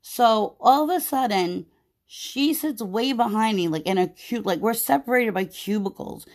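A woman podcast host venting about her job in a casual, profane, animated way, with many "like"s. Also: fairly high pitch, moderate pace. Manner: profane, animated storytelling with lots of "like".

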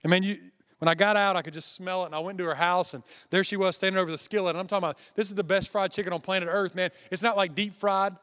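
A man's voice: high voice, fairly even intonation, rapid-fire, fairly bright tone, smooth. A man preaching a sermon, telling a personal story in a conversational way and speaking directly to the congregation. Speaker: pastor.

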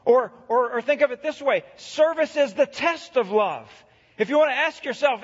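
A middle-aged man preaching a sermon, earnest, slowing down to read scripture and building emphasis. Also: extremely high pitch. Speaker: pastor. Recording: echoey hall, dull lo-fi sound.

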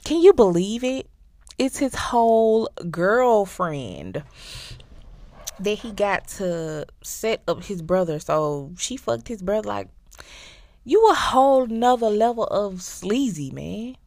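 Animated, profane woman recapping a series. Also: mid-range voice, measured pace, creaky, no room sound, studio quality. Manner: animated, profane storytelling with acted-out quotes. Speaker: podcast host.

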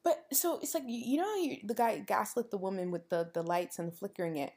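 A woman's voice: medium pitch, fairly quick. A young woman hosting a podcast, talking casually and acting out what people said in her stories. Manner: animated storytelling, acts out quoted dialogue; frequent "like" fillers. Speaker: podcast host. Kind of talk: casual monologue.

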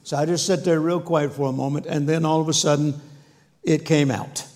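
A man's voice: fairly high pitch, fairly even intonation, brisk, a little mellow. A man preaching a sermon, telling a story with folksy humor and acting out the dialogue. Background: audience laughter.

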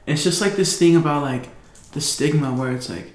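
Young man, slightly high voice, casual storyteller with lots of slang and fillers, echoey room. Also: normal speed. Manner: loose storytelling, heavy slang and swearing, many fillers. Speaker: guest telling a story. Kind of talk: casual chat.

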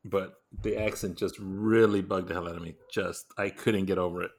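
A man co-hosting a casual movie review podcast, talking in an animated, emphatic rant. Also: deep voice, fairly quick, a little hiss or hum. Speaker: podcast co-host.

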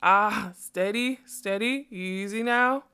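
A woman's voice: lowish voice, steady tone, slow pace, pushed and bright, clear, resonant tone. Woman playing a fat clumsy farmer, coaxing, out of breath, storybook. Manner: coaxing, panting.

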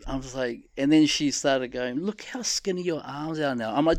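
A middle-aged man chats on a podcast, swearing freely. He tells stories loudly and with animation. The sound is dry and close. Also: mid-range voice, moderate pace, few pauses, no room sound. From New Zealand. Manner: crude, swears a lot, loud animated storytelling. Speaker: podcast co-host. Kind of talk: casual chat. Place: home room.

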